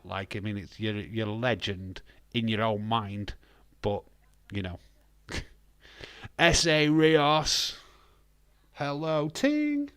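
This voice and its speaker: A man's voice: fairly low pitch, no echo. A man hosting a live stream, reading out the chat and trading laughing, sweary banter.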